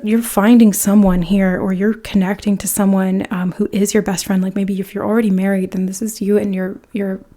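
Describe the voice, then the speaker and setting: A woman with a warm, mellow voice gives a pick-a-card tarot reading straight to the viewer. She talks in a loose, chatty way and often drops into soft, breathy asides. She sits close to the microphone. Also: mid-range voice. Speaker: tarot reader.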